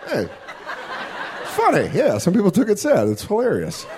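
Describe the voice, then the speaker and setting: A man performs stand-up on a club stage, his voice sitting a little high and swinging all over in pitch. He is profane and self-mocking and keeps dropping into quick put-on voices. A faint room hum lies under him. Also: wildly swooping pitch, warm tone, a faint crowd. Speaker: stand-up comedian. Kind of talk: stand-up comedy set. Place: comedy club stage with live audience.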